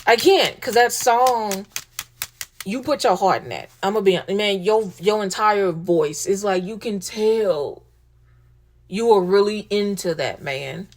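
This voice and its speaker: A woman's voice: mid-range voice, lively intonation, takes it slowly. A woman hosting a casual monologue, speaking emotionally and emphatically, repeating herself and swearing casually. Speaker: host.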